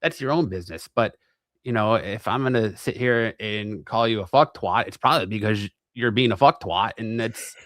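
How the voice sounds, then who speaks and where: A man's voice: fairly low pitch, moderate pace, fairly bright tone, no room sound. A man from Arizona, a guest on a talk show, rambling crudely and mocking himself. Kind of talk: casual chat.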